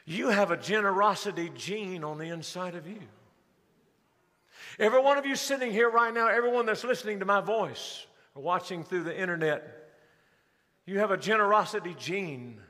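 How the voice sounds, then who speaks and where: Bright, high-voiced man preaching in a hall. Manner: preaching with rising emphasis and slowed, stressed phrases. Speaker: pastor. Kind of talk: sermon. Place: large church sanctuary. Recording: live church hall reverb.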